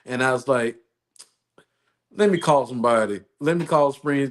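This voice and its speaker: A man's voice: medium pitch, normal speed, long pauses. A man co-hosting a podcast, chatting casually, rambling and repeating himself as he tells stories. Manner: rambling, repeats phrases, laughs often. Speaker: podcast co-host. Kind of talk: casual chat.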